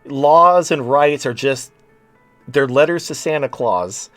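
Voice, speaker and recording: Over soft background music, a late-30s man hosting a podcast talk show rants bluntly, with sarcasm and profanity. He speaks slowly in a mid-range, slightly bright voice.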